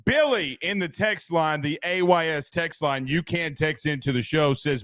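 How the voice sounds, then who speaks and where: A man hosting a casual sports talk show, rambling and excitable, laughing at his own jokes. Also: fairly high pitch, moderate pace, no room sound, studio quality.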